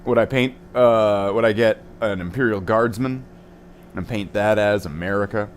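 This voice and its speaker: A young man with a lowish voice rambles through a relaxed hobby stream, playful and a little scattered. He keeps things loose and silly as he paints. A faint hum of room noise sits behind him. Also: moderate pace. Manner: goofy and playful, sings nonsense and repeats words. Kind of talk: rambling casual livestream chat.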